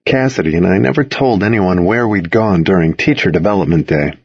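Low husky guy reading a novel out loud, lively pitch, dry muffled recording. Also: fairly quick, dry recording. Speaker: audiobook narrator. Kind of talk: first-person novel narration.

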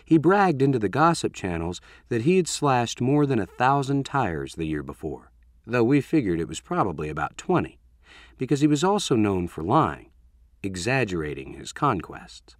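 A man's voice: medium pitch, very animated, moderate pace, dry recording, clean studio sound. A man narrating a first-person story in a wry, conversational way.

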